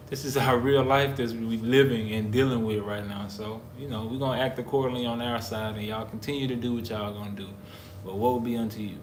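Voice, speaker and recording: A man from the United States talking casually to camera, emphatic and preacherly, repeating his points. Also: mid-range voice. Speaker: vlogger, husband in couple channel. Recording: roomy echo, faint background noise.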